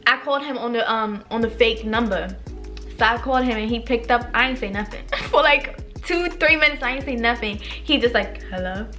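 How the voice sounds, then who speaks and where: Lively, high-voiced young woman telling stories. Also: moderate pace, faint music behind. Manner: animated, profane, acts out quoted lines. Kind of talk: casual storytime monologue.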